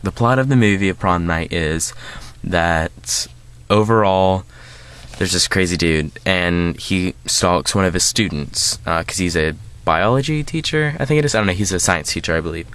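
A man's voice: sits low, moderate pace, fairly bright tone, clean tone. A man hosting a casual movie review, rambling with lots of filler words and restarts.

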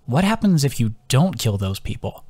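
A man's voice: mid-range voice, big pitch swings, normal speed, a little mellow, slightly rough. A man voicing a worried young male companion who talks bluntly and swears freely. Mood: exasperated.

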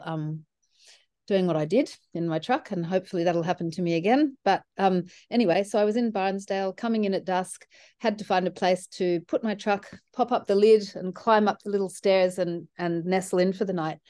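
A woman's voice: on the low side, moderate pace, warm tone, no echo, clean studio sound. An older woman hosting a casual group conversation, telling reflective stories and laughing often.

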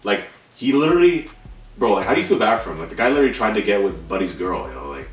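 Very deep-voiced young man swearing excitedly. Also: fast. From Canada. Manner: excitable, swears a lot, voice jumps up when worked up. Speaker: co-host reacting to a trailer. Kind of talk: casual chat. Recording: echoey room, distant mic, faint music.

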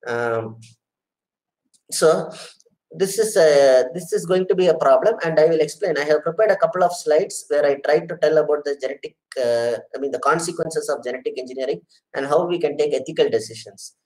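Over a low-quality recording, a middle-aged man from India earnestly lectures online and takes audience questions, repeating his words and addressing listeners as sir and madam. His voice sits on the high side, slightly mellow, and moves a little fast.

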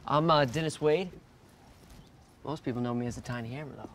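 An actor playing a boastful, friendly young rapper who talks in laid-back slang. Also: male voice, medium pitch, a little fast, fairly bright tone, slight background noise, close to an everyday voice. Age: young adult. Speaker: rapper, landlord.

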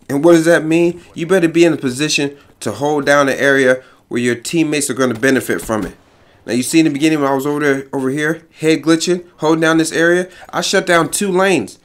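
A man giving energetic, boastful gameplay commentary full of slang and frequent laughs. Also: a little high. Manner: boastful, hype, slang-heavy, laughs often. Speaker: gaming YouTuber. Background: faint background music.

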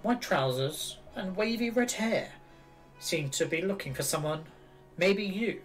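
Guy doing a stuck-up posh old gent voice, plummy and pitched up, game music faint behind. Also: lively intonation, a little slow, a bit bright. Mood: condescending. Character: pompous posh older gentleman, snooty.

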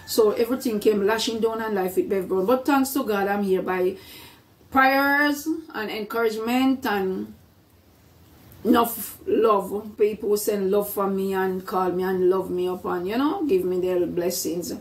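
A woman's voice: medium pitch, measured pace. Earnest woman vlogging, mic distant. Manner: repetitive, earnest, faith-filled storytelling. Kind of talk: casual vlog testimony.

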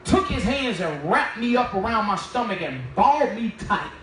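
A man giving a spoken testimony as a minister, telling his story in a lively way and acting out the dialogue. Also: sits high, normal speed, hardly any pauses, slight background noise. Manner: animated storytelling, acts out dialogue. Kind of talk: testimony sermon. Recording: very echoey, distant from the mic.

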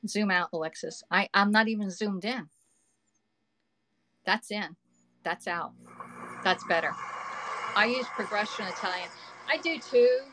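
A woman's voice: mid-range voice, unhurried, pauses often, pushed and bright. A woman, hosting a live cooking stream from her home kitchen, chatting with viewers and reading their comments aloud. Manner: chatty, reads viewer comments aloud, talks to the audience with "y'all" and "okay".

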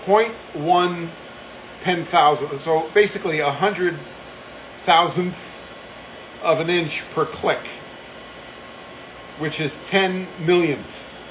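A fairly high-voiced man talks easily and casually as he demonstrates shop work. He chats, reads out viewer comments and cracks small jokes at his own expense. A faint machinery hum sits under his voice on the stream. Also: takes it slowly, long pauses, a bit bright, rough recording. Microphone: phone live stream.

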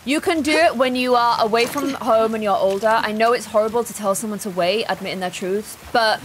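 A woman's voice: a little high, a little fast, slight background noise. Chatty woman streaming a game. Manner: chatty, reads in-game notes aloud and greets chat. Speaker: gaming streamer. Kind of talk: live game streaming, reading notes and chat.

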